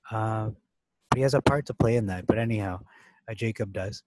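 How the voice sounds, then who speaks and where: Speaking a little fast in a lowish, darkish voice, a man leads a relaxed Bible study, musing through the passage with frequent fillers, false starts, and emphasized key words. There's no room sound, though the audio is poor.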